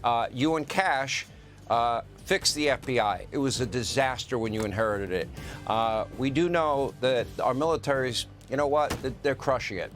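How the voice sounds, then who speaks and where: A man's voice: mid-range voice, moderate pace, a bit bright, faint music behind. A man hosting a political TV interview, rattling off lists in an indignant tone. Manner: list-driven, indignant. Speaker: host.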